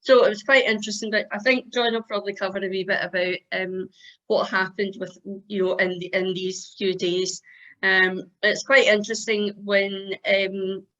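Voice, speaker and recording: Woman chatting through a report on a zoom call, lots of ums, medium pitch, dull sound. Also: flat delivery, normal speed, fairly bright tone. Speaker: Rotary club member giving a convention report. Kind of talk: casual presentation on a video call. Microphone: video call microphone. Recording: dull video call audio.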